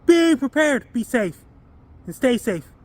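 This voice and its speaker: A man giving an earnest, repetitive weather forecast, reading lists in a flat sing-song. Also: very high voice, slow pace, no echo. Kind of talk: earnest scripted-style forecast.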